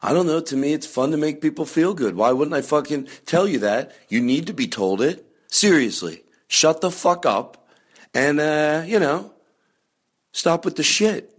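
A man hosting a comedy podcast, rambling through a chatty monologue with loud bursts of mock anger and frequent swearing. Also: fairly high pitch, expressive, normal speed, breathy edge. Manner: chatty, with many fillers and restarts. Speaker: podcast host.

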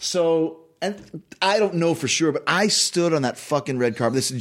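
A man from Canada, a podcast guest telling stories in lively casual chat and swearing freely. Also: mid-range voice, brisk. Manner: animated storyteller, swears freely.

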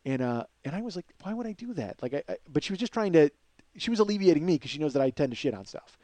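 Fast-talking animated male storyteller. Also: fairly high pitch, no echo. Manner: profane, energetic storyteller. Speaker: podcast host.

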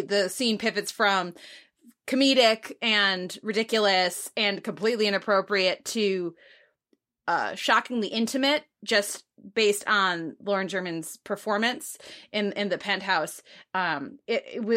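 A woman's voice: mid-range voice, sharp tone. A woman hosting a casual podcast discussion, talking in long rambling turns with many restarts. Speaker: podcast host. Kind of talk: casual chat.

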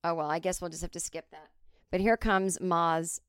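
A woman comedian telling a story in a casual, animated, profane and self-mocking way on a close mic. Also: lowish voice, normal speed, smooth, no room sound. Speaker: comedian and podcast host.

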